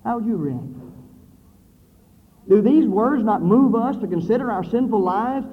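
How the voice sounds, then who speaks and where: A man preaching a sermon with dramatic swings between loud declaiming and low, hushed passages. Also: expressive, measured pace. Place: church building with brick wall. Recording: phone-like thin sound in a reverberant hall.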